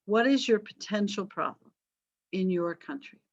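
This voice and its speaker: A woman's voice: medium pitch, big pitch swings, a little slow, vocal fry, dry recording, highs cut off. A woman teaching a history lesson over a video call, chatty and wry, often correcting herself and making asides. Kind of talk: online class lecture.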